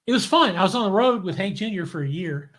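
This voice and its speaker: A man's voice: sits high, fast. Older male guest, wry cynical storyteller, loose conversational delivery with frequent restarts. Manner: relaxed anecdotal storyteller, wry and cynical, repeats words as he restarts. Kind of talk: casual interview storytelling.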